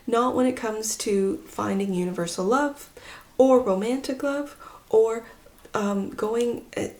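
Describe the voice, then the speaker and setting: A woman giving a pick-a-card tarot reading, talking in a musing way, with phrases that trail off softly. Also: a little high. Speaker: tarot reader.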